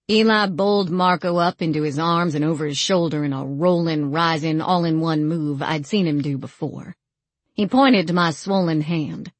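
Low-voiced woman narrating fiction. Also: moderate pace, no echo. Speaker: audiobook narrator. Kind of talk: first-person fiction narration.

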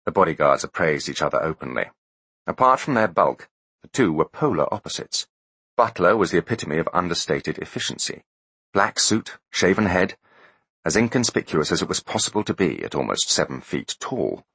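A man narrating a story aloud in a scripted, expressive storytelling manner. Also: deep voice, moderate pace, vocal fry, slightly rough, no echo. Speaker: audiobook narrator.

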